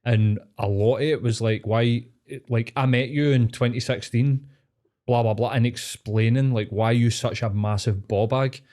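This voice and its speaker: A man's voice: medium pitch, fairly even intonation, normal speed, dark tone. Scottish male podcast host, casual sweary storyteller, rambling delivery, mid-range voice. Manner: swears freely, rambling storytelling with many fillers. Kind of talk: casual chat.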